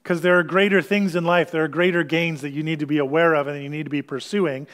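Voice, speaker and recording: A pastor preaching a sermon, explaining scripture in an earnest, teaching way with pauses and restarts. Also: male voice, a little high, steady tone, fairly bright tone.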